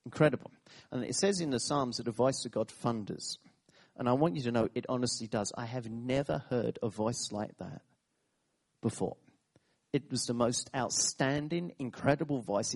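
A man's voice: mid-range voice, normal speed. A man preaching a sermon, telling stories with laughing asides, repeated phrases and sudden bursts of emphasis. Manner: animated storytelling, laughing asides, repetitions.

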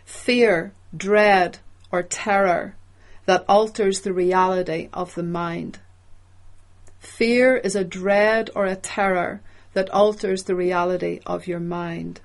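A woman preaching a sermon in a measured, emphatic way, explaining the meaning of words as she goes. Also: on the low side, fairly even intonation.

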